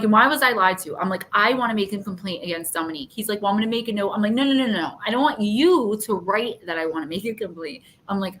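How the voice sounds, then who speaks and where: A woman's voice: medium pitch, a bit bright, slight background noise. A woman hosting a casual livestream, telling an annoyed story and acting out both sides of phone calls. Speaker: livestream host.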